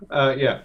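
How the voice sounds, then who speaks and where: A man hosting a casual podcast chat, swearing freely as he wraps up the show. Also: a little hiss or hum. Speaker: podcast host. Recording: distant, dull mic sound.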